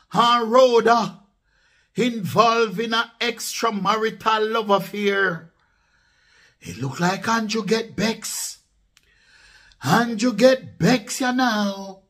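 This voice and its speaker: A man's voice: very high-pitched, bright, forceful tone. A man with a Jamaican accent giving emphatic political commentary in a casual vlog, dropping into patois and repeating points for stress. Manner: emphatic, repetitive, mixes patois into speech.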